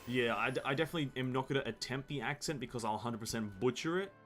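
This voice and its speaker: Casting: young male streamer, mid-pitched, rambling casual chat, faint music underneath. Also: fast, a bit bright. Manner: rambling, self-interrupting, laughs at himself.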